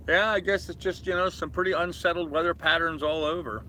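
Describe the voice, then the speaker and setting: A man's voice: on the high side, steady tone, brisk, bright, forceful tone, a little hiss or hum. A tired man in his fifties chatting casually on a live stream from his anchored sailboat, rambling easily and answering viewers' comments. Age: 50s. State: tired, yawning. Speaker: sailing vlogger reading live chat.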